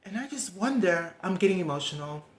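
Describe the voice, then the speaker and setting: A woman's voice: on the low side, lively intonation, a little fast, roomy sound. A middle-aged woman talking candidly to camera in a rambling, heartfelt, confiding way. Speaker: vlogger. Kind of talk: candid personal vlog talk.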